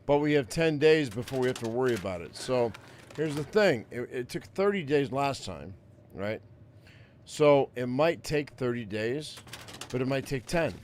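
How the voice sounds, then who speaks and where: A man's voice: medium pitch, expressive, normal speed, a little mellow, slight background noise. A man giving casual commentary while playing a video game, swearing often and repeating himself as he grumbles. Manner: casual, swearing, repeats words, grumbles about being angry. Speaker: gaming streamer. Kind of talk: casual let's play commentary.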